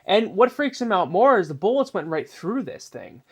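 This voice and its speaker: A man's voice: high-pitched, big pitch swings, normal speed, husky. A man telling a spooky story in a casual, rambling way, full of filler phrases. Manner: rambling, many "you know" fillers.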